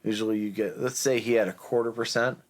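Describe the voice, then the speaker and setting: A man's voice: on the low side, steady tone, fast talker. A man co-hosting a podcast, reading out movie trivia in a casual, chatty way. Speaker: podcast co-host.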